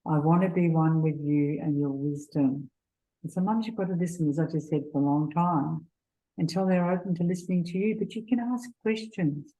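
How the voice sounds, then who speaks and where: A middle-aged woman giving a gentle, earnest faith seminar talk, sharing personal stories. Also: low-pitched, moderate pace, low-quality recording. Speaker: seminar speaker.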